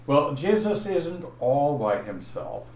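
A man preaching an expository Bible sermon, teaching slowly and deliberately and stressing each verse he points to. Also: fairly high pitch, very animated, darkish tone. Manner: slow, deliberate teaching with emphatic verse references. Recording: echoey room, voice from afar, faint noise.

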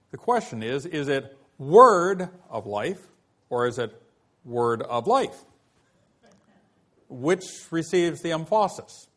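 Slow, deliberate male Bible teacher. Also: sits high. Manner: slow, deliberate explaining with rhetorical questions. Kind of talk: Bible study lesson.

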